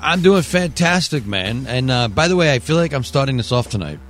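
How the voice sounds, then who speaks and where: A man hosting a live podcast from a studio, talking in a loud, profane, sing-song hype style. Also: mid-range voice, animated, brisk, faint music behind. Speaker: podcast host. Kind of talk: casual live show banter.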